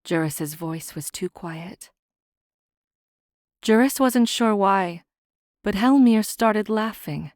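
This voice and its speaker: Slow, soft-spoken woman reading a fantasy audiobook. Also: medium pitch, lively intonation, no room sound, clean studio sound. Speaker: audiobook narrator.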